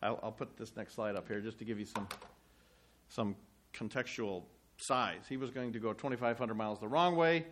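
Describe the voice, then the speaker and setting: A man's voice: fairly low pitch, moderate pace, fairly bright tone, a little hiss or hum. A man preaching a sermon, reading scripture aloud with rising emphasis and explaining it in plain asides.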